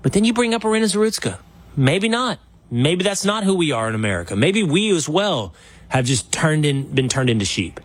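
A man hosting a political interview show, his voice a little husky and rough at the edges. He talks with lively, wide swings of pitch, leaping up to act out other people's words. The delivery is loose and conversational. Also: a little fast. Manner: animated, acts out quotes with big pitch jumps. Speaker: podcast host.

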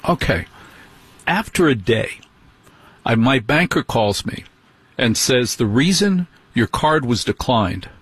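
Guy with a husky voice doing a wry comic rant, dry close sound. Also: mid-range voice, a bit bright, no echo. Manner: wry storytelling, mock indignation. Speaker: host. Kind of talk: comic monologue.

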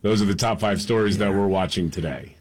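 A man co-hosting a radio talk show, running through the day's top stories in a relaxed, chuckling way. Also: sits low, brisk. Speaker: radio talk show co-host reading headlines. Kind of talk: casual radio news rundown.

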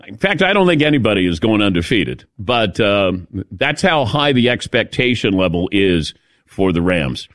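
A man's voice: fairly low pitch, big pitch swings, a little slow, fairly bright tone, dry recording, clean studio sound. A middle-aged man hosting a casual sports talk radio show, chatty and storytelling, laughing at his own jokes.

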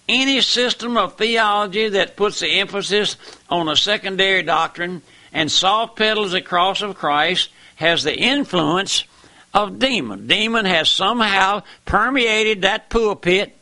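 A man preaching a sermon in a folksy, plain-spoken way, often repeating "my friend" and pushing up into emphatic high peaks. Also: gravelly, bright, forceful tone.

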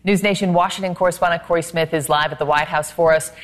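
A woman anchoring a news program, with brisk, conversational handoffs to reporters and guests. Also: on the low side, fairly even intonation.

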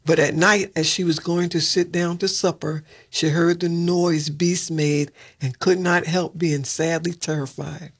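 A man reading a fairy tale aloud at a steady pace, with occasional slips and restarts. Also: a little high, unhurried, few pauses, husky. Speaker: reader. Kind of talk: storybook read-aloud.

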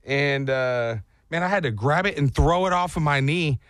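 A man's voice: on the high side, moderate pace, fairly bright tone, dry recording, studio quality. A man in his thirties hosting a chat show, telling a story in an exaggerated, self-mocking way and acting out the sounds.

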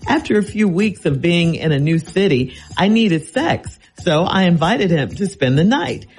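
A man's voice: high-pitched, low-quality recording. A man hosting a radio advice show, reading a listener's letter and answering in an incredulous, teasing way.

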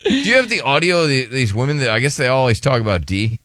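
A man hosting a radio talk show, telling crude jokes in an animated, storytelling way. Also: medium pitch, fast talker, no room sound, clean studio sound.

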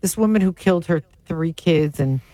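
A woman co-hosting a radio talk show, chatting in a lively, animated way in the studio. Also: fairly low pitch, normal speed, no room sound. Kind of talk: casual radio chat. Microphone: studio microphone.

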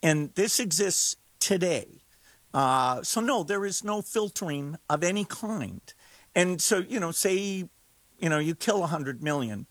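A man with a fairly high voice speaks urgently and emphatically as an interview guest. He presses his points with rising insistence. The sound is dry and close. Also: expressive, unhurried, fairly bright tone, no room sound. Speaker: guest expert on AI risk. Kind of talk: interview conversation.

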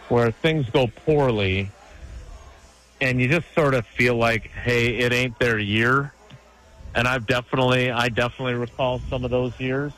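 A man's voice: medium pitch, fairly bright tone, low-quality recording. A man co-hosting a casual sports talk show, giving chatty, emphatic analysis with frequent restarts.

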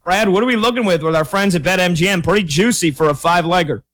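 A man's voice: high voice, a little fast, fairly bright tone. A man hosting a sports betting radio show, joking with co-hosts and reading calls and texts.

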